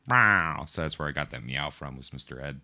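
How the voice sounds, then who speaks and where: A man co-hosting a podcast, telling stories in a relaxed, casual way and slipping into animated voice impressions. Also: extremely low pitch, quick pace. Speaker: podcast co-host. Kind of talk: casual chat.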